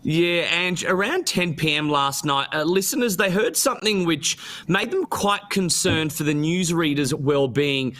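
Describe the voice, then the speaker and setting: Bright-voiced radio host, high pitch. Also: male voice, lively intonation, a little slow, few pauses. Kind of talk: radio talk show.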